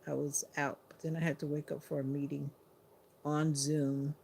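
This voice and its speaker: A sleepy woman hosting a livestream, chatting to viewers in an unhurried, casual way. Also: sits low, little pitch movement, vocal fry, darkish tone, slightly rough. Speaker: livestream host.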